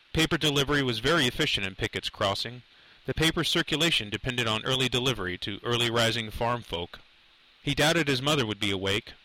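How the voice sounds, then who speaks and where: Bright-voiced male audiobook narrator. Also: mid-range voice, low-quality recording. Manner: measured, dramatic storytelling. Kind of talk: scripted narration.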